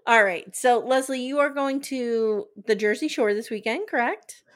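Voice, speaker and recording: A woman hosting a podcast, recapping a TV show in a chatty, animated, gossipy way. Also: fairly high pitch, normal speed. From eastern United States. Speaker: podcast host. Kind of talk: casual podcast chat.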